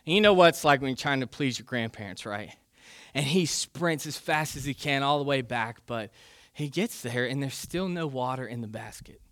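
A man's voice: mid-range voice, expressive, normal speed, a bit bright, no room sound, clean studio sound. A man preaching a conversational sermon in a casual, chatty way, often saying "man" and "like".

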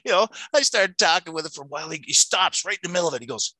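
A man's voice: on the high side, lively intonation, rapid-fire, pushed and bright, dry recording, rough recording. A middle-aged man giving an earnest, emotional personal testimony to a recovery meeting, often repeating words as he restarts his sentences.

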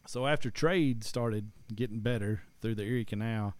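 A man's voice: fairly low pitch, normal speed, clear, resonant tone, no echo. A man, chatting casually and rambling with many restarts. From East Tennessee. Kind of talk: casual chat.

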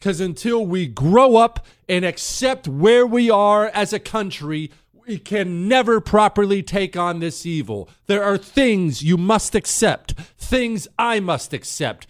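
A male radio host delivers a dramatic monologue into a studio mic, dropping to a hush and then pressing hard. His voice sits a little high, and the sound is dry and close. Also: animated, takes it slowly, dry recording. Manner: dramatic storytelling, shifting between hushed and emphatic. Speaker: radio talk show host. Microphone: studio microphone.

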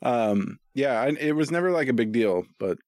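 A man in a casual conversation, joking with quick sarcastic comebacks. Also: mid-range voice, lively intonation, darkish tone, dry recording. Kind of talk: casual chat.

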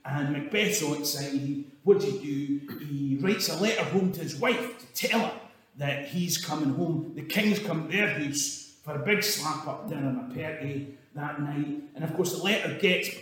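A man's voice: on the high side, moderate pace, a bit bright. A Scottish man giving an irreverent comic history talk, swearing and chuckling through his asides. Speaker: storyteller. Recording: echoey hall from far off.

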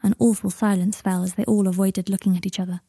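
Warm-voiced woman narrating a story. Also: mid-range voice, flat delivery, fast talker, slightly rough, dry recording, studio quality. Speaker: audiobook narrator. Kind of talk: narrating fan fiction.

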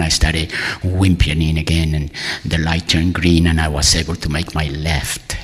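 A man's voice: rumbling low, slightly rough, big-room sound. A man telling a personal story in a candid, rambling, self-amused way.

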